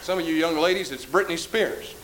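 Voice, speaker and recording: High-voiced emphatic preaching man. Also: fairly quick, slight background noise, poor audio. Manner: emphatic, swings from quiet to shouting; folksy, acts out everyday quotes. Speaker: pastor. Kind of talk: sermon.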